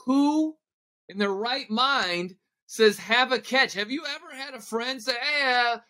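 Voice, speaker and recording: A man's voice: extremely high pitch, unhurried, bright, forceful tone. A man talking sports on a radio show with wry, dry humor in casual banter. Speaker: radio co-host guest. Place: radio studio.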